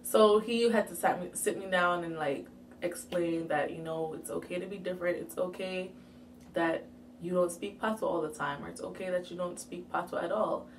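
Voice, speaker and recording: Lively young woman from Jamaica, storytelling. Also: on the low side, moderate pace, recorded from a distance, slight background noise. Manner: lively, animated storytelling with playful asides. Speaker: vlogger. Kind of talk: casual story time.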